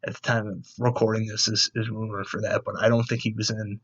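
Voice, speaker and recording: A man's voice: fairly low pitch, flat delivery, brisk, fairly bright tone, breathy edge, muffled recording. A man giving a casual, enthusiastic episode review into a desk microphone, rambling with lots of fillers and quoted asides. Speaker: movie review vlogger.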